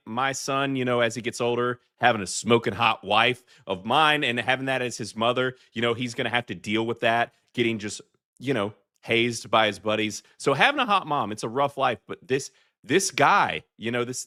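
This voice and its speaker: Bright-voiced Southern man rambling on a live show. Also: mid-range voice, no room sound, studio quality. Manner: rambling, chatty, lots of fillers and restarts. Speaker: podcast host. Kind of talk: live commentary reacting to clips for chat.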